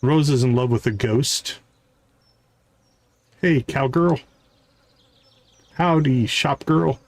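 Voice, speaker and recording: A man streaming a farming game, reading its character dialogue aloud with varied voices and adding quick asides. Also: mid-range voice, no room sound.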